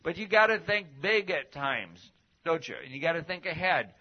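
A man's voice: a little high, very animated, moderate pace. A middle-aged man, a pastor teaching a class in a conversational sermon style, folksy and full of rhetorical questions, on a dull lo-fi recording.

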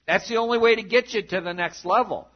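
A male pastor preaching with a fairly high voice, swinging from animated to hushed. The recording sounds a little dull and muffled. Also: quick pace. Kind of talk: sermon.

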